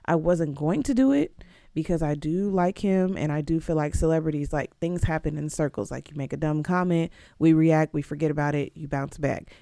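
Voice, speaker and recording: A young adult woman hosting her own podcast, talking casually and emphatically, with sudden leaps up in pitch. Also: normal speed, vocal fry, warm tone, no echo, studio quality. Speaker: podcast host. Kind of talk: casual solo podcast commentary.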